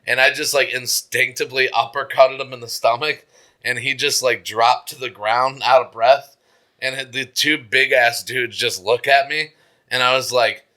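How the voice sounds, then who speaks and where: Bright-voiced young man telling a story. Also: mid-range voice, fairly even intonation, moderate pace. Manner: rambling, profane, laughing storyteller. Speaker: podcast co-host. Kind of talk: casual storytelling chat.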